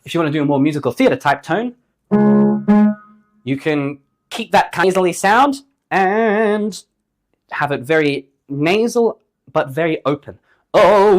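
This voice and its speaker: A man's voice: medium pitch, a little mellow. A man teaching a casual singing lesson in a playful way, joking at his own expense as he explains technique. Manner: demonstrates singing tones between explanations. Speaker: vocal teacher.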